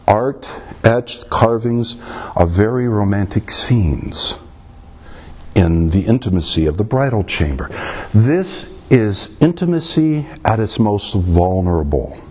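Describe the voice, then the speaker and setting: A man preaching a sermon, animated and emotional, acting out the quotes he reads. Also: on the low side, breathy edge.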